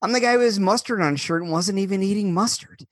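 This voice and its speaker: A man co-hosting a podcast, telling stories in a casual, animated way and laughing often. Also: high-pitched, quick pace, no echo, studio quality. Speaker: podcast co-host. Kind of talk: casual chat.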